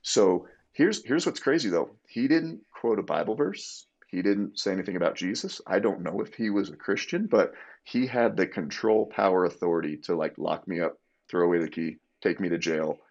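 A man telling a personal story as a podcast guest, candid and energetic, with plenty of fillers. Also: low voice, moderate pace, dull audio.

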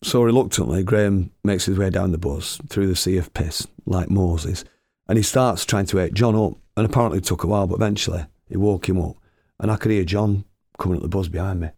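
A man with a gravelly voice telling a comic story, swearing and chuckling as he goes. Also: low voice, brisk, mellow, no echo, clean studio sound. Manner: swearing, chuckling anecdotal delivery.

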